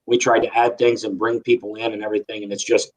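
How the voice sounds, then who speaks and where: A man's voice: lowish voice, flat delivery, fast, low-quality recording. A man co-hosting a casual interview, enthusiastic, often restarting his sentences.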